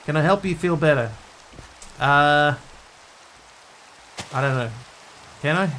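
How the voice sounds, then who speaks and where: A man's voice: fairly high pitch, takes it slowly, sharp tone, a little hiss or hum. Man streaming, thinking aloud to chat. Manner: thinks aloud while building, answering viewers' chat. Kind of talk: casual live game-stream commentary.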